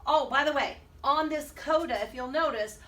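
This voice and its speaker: A woman's voice: high-pitched, normal speed, bright, forceful tone. A woman music teacher leading a children's rhythm lesson, chanting rhythm syllables and encouraging her class. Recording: distant mic with faint background noise.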